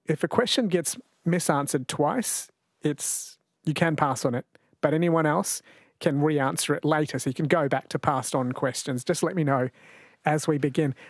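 Man, radio quiz host, slightly high voice, dry close studio sound, chatty and laughing. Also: no room sound. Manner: chatty, laughs often, reads quiz questions slowly. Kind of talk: late-night radio quiz chat. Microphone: studio microphone.

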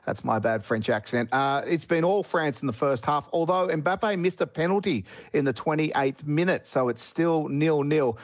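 A man's voice: a little high, lively intonation, moderate pace, few pauses. Upbeat sports presenter, a man. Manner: upbeat, chatty, playful asides. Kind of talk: sports news report.

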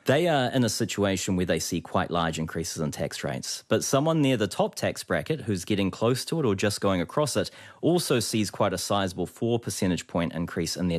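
Deep-voiced New Zealand man explaining calmly. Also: dry recording, clean studio sound. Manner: calm explanatory. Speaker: guest economist. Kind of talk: radio interview.

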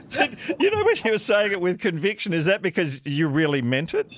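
Chatty radio quiz host, lively pitch. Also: male voice, normal speed, background noise. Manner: chatty, self-deprecating, laughs often. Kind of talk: casual radio chat with callers. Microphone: studio microphone.

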